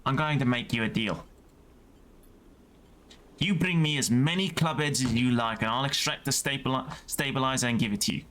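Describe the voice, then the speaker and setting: A man voicing an elderly female gardener-scientist with a put-on Welsh accent, speaking softly and earnestly as he reads game dialogue aloud. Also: mid-range voice, moderate pace, a little hiss or hum, close to an everyday voice.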